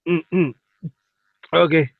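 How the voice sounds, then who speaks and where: Very high-pitched guy hosting voice chat, slow and playful, dry muffled lo-fi. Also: vocal fry, husky, dry recording. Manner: playful, self-mocking. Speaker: host. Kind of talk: casual voice-chat banter.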